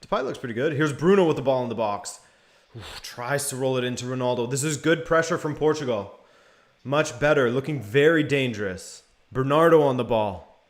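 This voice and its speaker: A man's voice: mid-range voice, normal speed. A young man hosting a live watch-along stream, calling the play and answering chat. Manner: relaxed play-by-play mixed with chat replies. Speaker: live stream host commentating a match.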